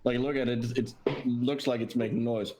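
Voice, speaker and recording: A man's voice: mid-range voice, level tone, normal speed, warm tone, rough recording. A man playing a tabletop game, speaking in a hesitant way. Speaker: player.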